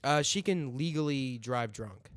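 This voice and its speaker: A man's voice: mid-range voice, unhurried, no echo, clean studio sound. A man in his twenties co-hosting a podcast in casual, rambling chat, swearing and trailing off. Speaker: podcast co-host.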